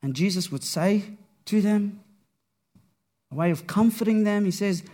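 Man, sermon, high voice, unhurried, dramatic swings between hushed and raised. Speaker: preacher.

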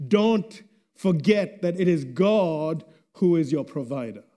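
A male preacher with a fairly high voice delivers a sermon in a slow, unhurried cadence. He speaks deliberately and lets each phrase sink to a hush at its close. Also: expressive.

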